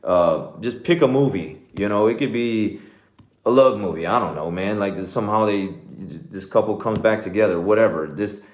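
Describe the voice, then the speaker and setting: Man, middle-aged, Texan accent, very low voice, earnest motivational coach, roomy echo. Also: normal speed. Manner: earnest, conversational, says "man" and "okay" often. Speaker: jiu-jitsu coach, show host. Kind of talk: motivational talk.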